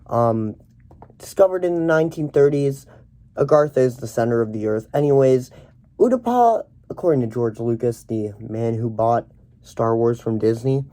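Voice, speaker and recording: Young guy rambling thru a joke movie review, lots of um and restarts, kinda mellow tone. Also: mid-range voice, moderate pace. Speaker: comedic reviewer. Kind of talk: rambling deadpan parody review.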